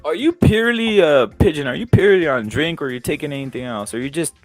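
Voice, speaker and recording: A man's voice: a little high, lively intonation, quick pace, dry recording, soft background music. A man from Southern California hosting a live stream, joking, rambling and egging on his guest in loose banter.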